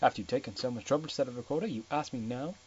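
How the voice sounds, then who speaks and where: A cool, arrogant young tycoon , read by a man on a lo-fi mic. He sounds deadpan and self-assured. The voice is a little husky and dull. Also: medium pitch, rapid-fire, natural voice. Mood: smug. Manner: deadpan, soft-spoken.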